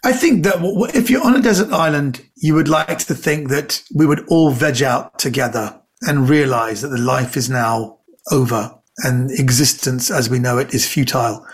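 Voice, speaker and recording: A man, a comedian and actor, telling animated anecdotes as a podcast guest, often repeating words. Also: mid-range voice, normal speed. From Britain. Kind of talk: casual storytelling chat.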